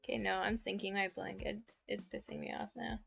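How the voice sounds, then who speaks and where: With a level, medium-pitched tone, brisk delivery and some vocal fry, a young woman streamer chats casually. Her voice sounds fairly bright, she giggles between sentences, and the mic sits very close to her mouth over faint background music.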